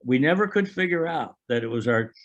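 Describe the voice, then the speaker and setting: A man's voice: mid-range voice, expressive, fairly quick, a bit bright, muffled recording. An older man, a Special Forces veteran, recounting anecdotes in an oral history, quoting others with frequent chuckles.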